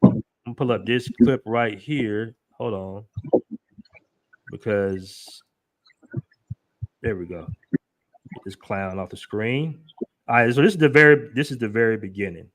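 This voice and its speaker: A man's voice: fairly low pitch, measured pace, long pauses. Rambling man hosting a live show. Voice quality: loose, rambling, emphatic. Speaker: host. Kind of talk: casual live show chat.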